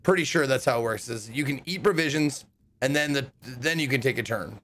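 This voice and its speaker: A man's voice: medium pitch, a little fast, fairly bright tone, a little hiss or hum. A man streaming an adventure game, commenting casually and thinking aloud with hesitant restarts.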